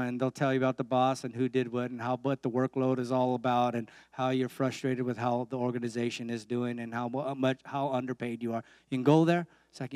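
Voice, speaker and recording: A man's voice: medium pitch, little pitch movement, a little fast, darkish tone, no room sound, studio quality. A man preaching a sermon as pastor in a church, emphatic, with repeated calls and amens.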